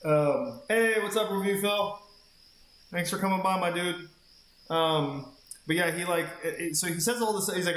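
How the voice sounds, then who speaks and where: A man's voice: high voice, normal speed, a bit bright, roomy sound. A man streaming a game, telling a long rambling story in casual chat and swearing freely. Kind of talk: casual chat while gaming.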